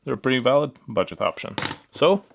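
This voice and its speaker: Gravelly man reviewing gear casually. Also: medium pitch, fairly quick, a little hiss or hum. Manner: relaxed, repeats fillers like "pretty cool" and "yeah"; handles the gear while talking. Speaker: product reviewer.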